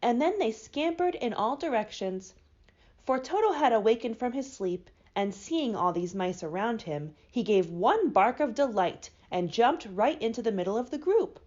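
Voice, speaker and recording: A woman reads a children's chapter book aloud, her voice rising and falling with animated expression. The recording is slightly dull and lo-fi. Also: on the high side, moderate pace. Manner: expressive storybook reading. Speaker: library storyteller.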